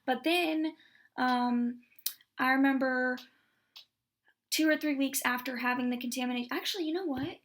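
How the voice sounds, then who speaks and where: A woman's voice: high voice, moderate pace, long pauses, fairly bright tone. A young woman in her twenties telling a candid personal story on her vlog, rambling and saying "like" a lot. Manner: candid, rambling, heavy use of "like". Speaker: vlogger.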